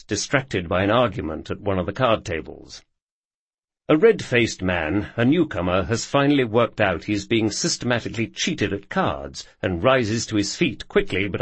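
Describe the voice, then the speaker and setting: A man narrating a scripted story with measured storytelling delivery. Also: on the low side, breathy edge, no room sound.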